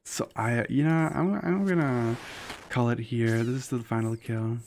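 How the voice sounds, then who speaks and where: A man's voice: mid-range voice, unhurried, creaky, a little mellow. A man in the middle of his vocal range who chats casually on a live stream while gaming. His talk rambles and is packed with "like" fillers, and he speaks his opinions bluntly. A faint hiss sits under the voice. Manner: rambling, loose, with constant "like" fillers; opinionated and candid.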